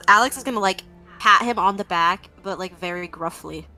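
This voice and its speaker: A woman's voice: medium pitch, brisk, bright, forceful tone, soft background music. A woman playing in a tabletop game, speaking directly and matter-of-factly. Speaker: player. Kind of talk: casual tabletop play.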